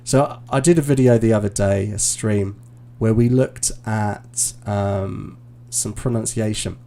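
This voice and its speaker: A male English teacher giving relaxed, encouraging feedback on a mock speaking test over a live stream, with frequent fillers and restarts. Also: on the low side, unhurried, gravelly, a little hiss or hum. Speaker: IELTS teacher and examiner.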